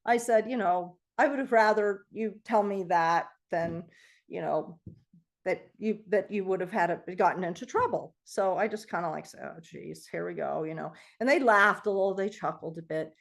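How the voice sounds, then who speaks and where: A middle-aged woman telling a personal story to a group, animated and acting out the voices of the people in it. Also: on the low side, moderate pace, creaky. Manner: animated storytelling, acts out quoted voices, laughs often. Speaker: guest speaker on self-healing.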